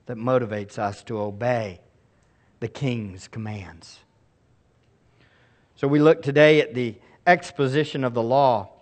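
A man in middle age, a pastor preaching a sermon in an earnest, emphatic way with pleading asides. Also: medium pitch.

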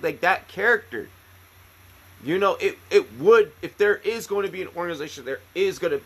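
A man's voice: high-pitched, fairly bright tone, husky. A man in his thirties from the United States, a veteran podcast co-host telling stories in a rambling, profane way with lots of restarts. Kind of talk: casual chat, storytelling.

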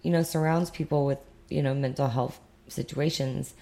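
A woman's voice: very deep voice, fairly even intonation, moderate pace, mellow. A young woman from the United States co-hosting a podcast in casual, rambling chat with sarcastic asides. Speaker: podcast co-host.

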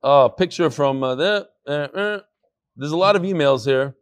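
High, lively man leading a class. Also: normal speed, clean tone, no room sound. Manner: exuberant, calls people up, peppered with Yiddish and Hebrew terms. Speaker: Talmud class leader. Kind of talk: lively announcements before a live class.

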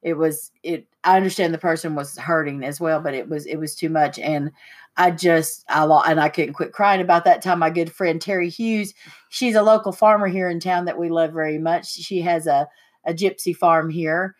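A middle-aged woman hosting a casual chat podcast, telling stories with lively, acted-out quotes. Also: normal speed. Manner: animated storyteller, acts out quotes with big pitch jumps. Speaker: podcast host.

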